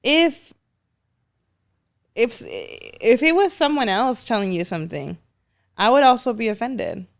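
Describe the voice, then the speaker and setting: A woman's voice: a little high, expressive, measured pace, creaky, pauses often. A woman guesting on a casual podcast, playful and teasing as she talks. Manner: playful, teasing, laughs between lines.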